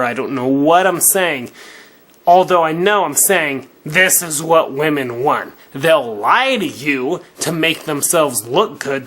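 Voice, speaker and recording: A man's voice: a little high, fairly bright tone, slight background noise. A drunk man ranting to camera in a crude, cocky, rambling way, swearing constantly. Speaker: vlogger. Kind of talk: rambling profane rant to camera.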